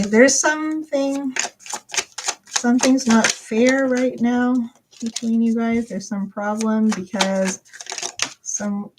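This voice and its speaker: A woman's voice: mid-range voice, noisy background. A woman doing a live tarot reading, talking in a rambling, hesitant way full of fillers and restarts. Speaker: tarot reader.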